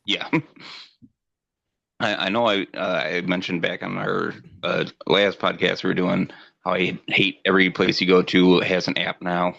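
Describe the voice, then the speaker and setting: Middle-aged podcast guy griping and cussing, gravelly, dry close sound. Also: deep voice, flat delivery, a little slow, pushed and bright, no room sound, dull audio. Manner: profane, ranting, acts out voices in stories. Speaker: podcast co-host. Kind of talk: casual chat.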